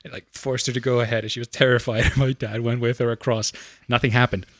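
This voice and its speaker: A young man in his twenties telling a funny story in casual chat, animated and laughing often. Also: quick pace, dry recording, clean studio sound. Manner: animated, laughing, shrieks in high voice when reenacting screams.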